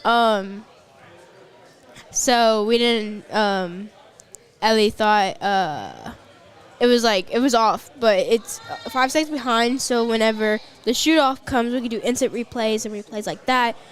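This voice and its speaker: A woman's voice: a little high, animated, measured pace, clean tone. A young woman co-hosting a live stream in a casual, rambling way, full of fillers and giggles, on a close mic. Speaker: livestream co-host.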